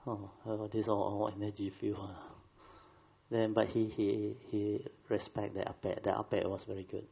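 Gravelly man. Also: lowish voice, lo-fi sound. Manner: rambling, frequent fillers and laughs, colloquial grammar. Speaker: speaker telling a story to a group. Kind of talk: casual storytelling.

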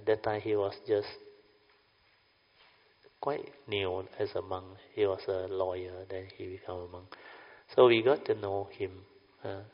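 An older man giving a Buddhist dharma talk to a class, chatty, often asking "understand or not?". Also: on the low side. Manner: chatty, keeps checking the audience with "huh?" and "understand or not?". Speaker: Buddhist meditation teacher. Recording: lo-fi recording in a reverberant hall.

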